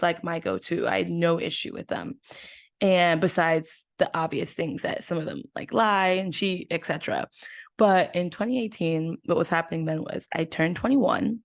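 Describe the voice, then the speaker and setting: A woman in her twenties hosting a podcast, telling a story in a chatty, animated way with lots of fillers. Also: lowish voice, gravelly, no echo, clean studio sound. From United States. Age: 20s. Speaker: podcast host. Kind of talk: casual chat.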